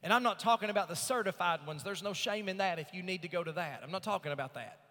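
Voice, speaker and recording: A man preaching from the pulpit, his voice high and bright, cutting through. He reads scripture slowly and climbs into loud, emphatic swells. Long reverb from the church sanctuary hangs behind him. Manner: preaching with rising emphatic swells and slow drawn-out scripture reading. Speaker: pastor. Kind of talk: sermon.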